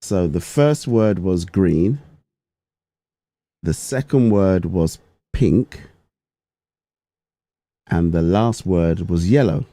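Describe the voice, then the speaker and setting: A man co-hosting a show, chatting casually in a jokey, animated way. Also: low-pitched, drawn-out words, long pauses, dry recording. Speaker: co-host. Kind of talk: casual chat.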